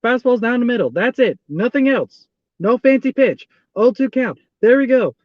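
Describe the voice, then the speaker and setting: Exasperated high-voiced male fan commentator. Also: animated, normal speed, no echo, highs cut off. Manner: exasperated, repeats the same pleas over and over. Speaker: fan streaming a live baseball watch-along.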